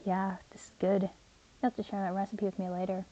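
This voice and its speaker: A woman's voice: medium pitch, little pitch movement, brisk, dark tone, muffled recording, soft background music. Woman narrating as a caring young man. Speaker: narrator and voice actor. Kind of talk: first-person audio story narration.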